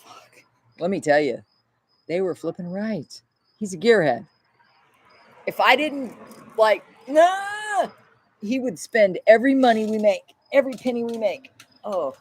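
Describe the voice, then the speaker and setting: A woman's voice: mid-range voice, sing-song, measured pace, long pauses, husky. Chatty, swearing woman livestreamer. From Florida. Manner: rambling, chatty, swears freely. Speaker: livestream host. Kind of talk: casual livestream chat.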